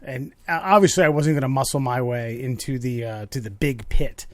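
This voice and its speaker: A man's voice: medium pitch, moderate pace, no room sound. A man, co-hosting a podcast and telling a rambling story full of swearing and restarts. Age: 30s. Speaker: podcast co-host. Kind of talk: casual chat.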